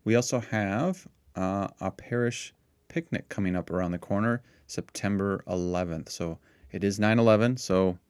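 A middle-aged man co-hosting a parish podcast in relaxed casual chat, laughing easily and restarting his sentences. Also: lowish voice, moderate pace, hardly any pauses, clean tone, no room sound.

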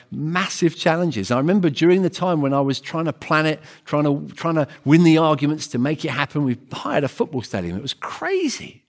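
A man preaching a sermon in an earnest, emphatic way, often repeating phrases and restarting words. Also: medium pitch.

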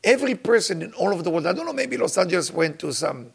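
A man's voice: very animated, fast, gravelly, slightly rough. Older man preaching emphatically. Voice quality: non-native grammar. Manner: emphatic, repeats phrases, rises to sudden high exclamations. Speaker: spiritual teacher. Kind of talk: sermon to followers.

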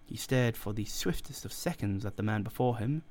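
A man reading a story aloud in a measured, deliberate narration. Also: on the low side, expressive, a little mellow. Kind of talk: scripted audiobook narration.

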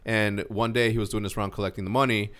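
A man's voice: lowish voice, quick pace. A man in his forties from Mexico, telling a long personal story in a casual podcast chat, with lots of restarts. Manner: storytelling, animated, many restarts. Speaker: podcast co-host.

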